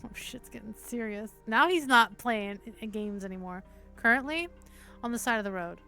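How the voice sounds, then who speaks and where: A woman with a slightly high voice narrates a visual novel on her stream at normal speed, faint music behind her. She reads steadily, then tosses in casual remarks with swearing between passages.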